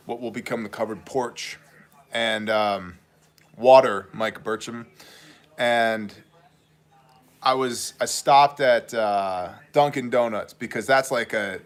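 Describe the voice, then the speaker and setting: A man hosting a livestream in a casual, joking way, rambling from one story to the next. His voice sits at a plain middle pitch for a man. He grew up in New York and reads out questions from the chat as he goes. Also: fairly bright tone. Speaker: livestream host.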